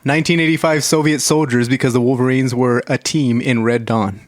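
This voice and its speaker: A man's voice: mid-range voice, fairly even intonation, fairly quick, no room sound. A man co-hosting a casual podcast, answering quiz questions with dry jokes. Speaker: podcast co-host.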